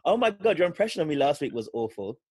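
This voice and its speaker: A man's voice: a little high, very animated, fast, darkish tone, husky, no room sound. A man co-hosting a podcast, trading teasing banter in casual chat. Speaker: podcast co-host.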